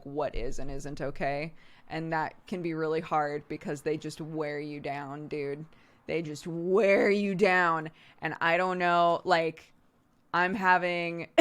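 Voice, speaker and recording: Chatty woman streamer, low-pitched. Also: fairly bright tone, smooth. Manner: chatty, frank, laughs often, swears casually. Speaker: streamer and host. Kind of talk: casual chat.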